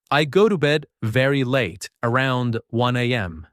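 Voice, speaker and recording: Slow, lively-voiced man teaching English. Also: medium pitch, no room sound, clean studio sound. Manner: slow, clear, encouraging, repeats phrases.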